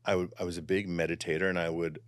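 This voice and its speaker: A man who is a psychic and channeler, talking in an animated, expressive way and easing into calm guided meditation. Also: sits low, fast talker, no echo, clean studio sound. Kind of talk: casual conversation and guided meditation.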